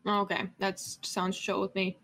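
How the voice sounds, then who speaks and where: A woman's voice: medium pitch, completely flat delivery, moderate pace, a bit bright. Chatty woman playing a tabletop game. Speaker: player. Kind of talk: casual chat during a tabletop game.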